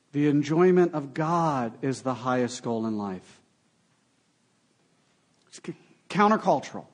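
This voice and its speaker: A young adult man preaching a sermon, animated and full of sarcastic asides. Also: fairly high pitch. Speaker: pastor.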